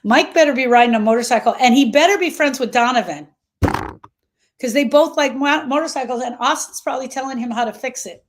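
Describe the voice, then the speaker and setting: A woman's voice: sits high, brisk. Emphatic woman grief coach. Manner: emphatic, repeats phrases, reads viewer comments aloud. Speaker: grief coach hosting a livestream. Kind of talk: live-stream talk to viewers.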